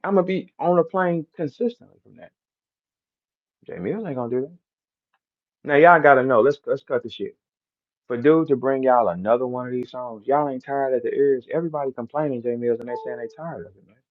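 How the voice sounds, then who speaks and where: A man's voice: medium pitch, brisk. Brash trash-talking man, lo-fi audio. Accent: St. Louis. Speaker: battle rapper hosting a live audio room. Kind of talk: boastful live-stream rant.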